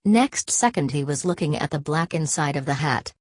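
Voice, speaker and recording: Low-voiced woman narrating an audiobook. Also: expressive, normal speed, a little mellow, no echo.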